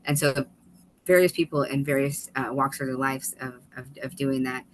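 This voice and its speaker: Woman, webinar guest, animated storyteller, restarts and asides, light background noise. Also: extremely low pitch, low-quality recording. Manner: animated, fast-paced storytelling with laughs and restarts. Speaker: guest, author and former state legislator.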